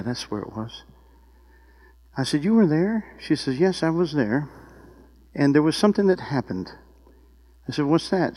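A man preaching a sermon, telling a personal story with rising emotion and excited exclamations. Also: mid-range voice, poor audio. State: tearful at times.

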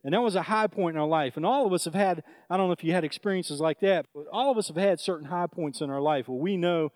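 A man with a high voice tells a story from the pulpit in a loose, conversational way, full of fillers and restarts. The recording is dry and close. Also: fast, a little mellow, no echo. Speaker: preacher. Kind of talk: sermon storytelling.

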